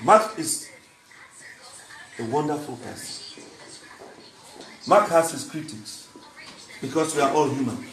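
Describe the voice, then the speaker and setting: A man's voice: mid-range voice, takes it slowly, long pauses, fairly bright tone, echoey room, a little hiss or hum, poor audio. A man giving an earnest, emphatic speech at a book launch, repeating phrases for weight. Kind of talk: public speech.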